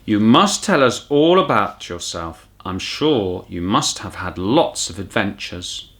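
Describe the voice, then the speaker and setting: A gentle, motherly woman, as a man reads her in a storybook. Her voice stays close to his own, soft and thoughtful, with a lively lilt. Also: fairly low pitch, measured pace, heavily acted.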